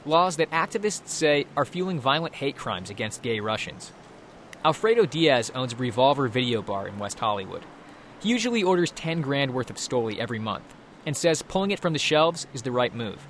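A man reporting a scripted radio news piece in a measured, even delivery. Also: medium pitch, a little hiss or hum.

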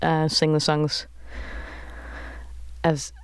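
A woman's voice: deep voice, drawn-out words, smooth, no echo, studio quality. A woman singer-songwriter talking loosely about her songs in a casual interview, in a large cathedral-like room. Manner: relaxed, loose, with fillers.

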